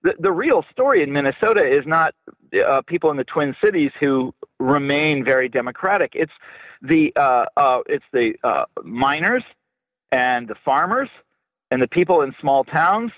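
A man talks through a tinny, dry phone connection, his fairly high voice moving a lot in pitch. He is an author being interviewed on radio. He stumbles and repeats words as he pushes his points. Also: moderate pace, no room sound. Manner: animated, repeats and restarts words, laughs often. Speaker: author guest. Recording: tinny phone-line sound.

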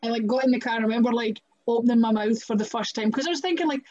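Chatty woman, slightly high voice. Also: rapid-fire, darkish tone, lo-fi sound. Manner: chatty, many "like" fillers, laughs often. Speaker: guest professional wrestler. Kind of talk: casual podcast storytelling.

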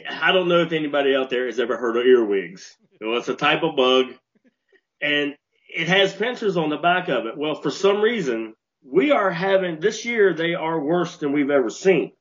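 Brief: male co-host, fairly high voice, animated storyteller, dull lo-fi podcast sound. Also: moderate pace. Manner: animated storyteller, repeats and restarts when worked up. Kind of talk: casual storytelling chat.

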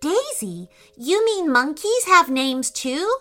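An eager three-year-old boy from a children's storybook, chatty and excitable, as a woman narrator puts him on. His high voice leaps around in pitch and sounds bright. Faint music plays underneath. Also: slow pace, heavily acted. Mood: excited.

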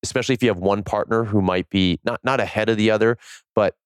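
A man's voice: lowish voice, fairly even intonation, fast talker, clear, resonant tone, dry recording, clean studio sound. A man hosting a podcast, asking thoughtful, long, winding questions. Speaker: podcast host. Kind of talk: interview questions.

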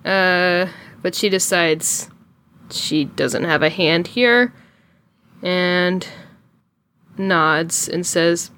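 A woman playing in a tabletop role-playing game, speaking in character in a slow, halting, hesitant way. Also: on the low side, a bit bright, a little hiss or hum. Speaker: player.

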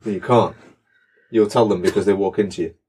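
A man's voice: sits low, steady tone, a little fast, darkish tone, breathy edge. A young man co-hosting a casual podcast chat, dry and sarcastic, swearing now and then. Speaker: podcast co-host.

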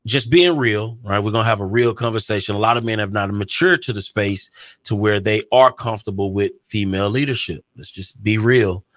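A male podcast host with a bright, forceful voice, recorded dry and close. He talks emphatically and repeats phrases to drive a point home. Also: lowish voice, fairly quick, no echo. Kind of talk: casual chat.

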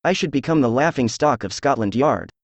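A synthesized male voice reading the lines of a skeptical, practical male police inspector in an even way. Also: medium pitch, dry recording. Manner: even, measured synthetic delivery.

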